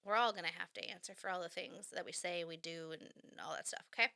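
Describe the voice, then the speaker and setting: Bright, frank woman podcast host. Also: fairly low pitch, fast talker, gravelly, clear, resonant tone. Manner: frank and animated, acts out quoted voices, swears casually. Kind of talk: candid solo podcast talk.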